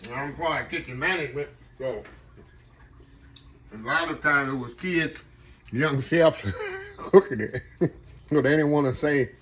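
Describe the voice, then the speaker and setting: A middle-aged man and kitchen manager chatting excitedly in a casual cooking vlog, talking to viewers from his kitchen while the camera sits on a tripod. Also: a little high, a little slow, pauses often, slight background noise. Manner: chatty and excited, keeps addressing viewers as y'all. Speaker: home cook and kitchen manager. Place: home kitchen, indoors.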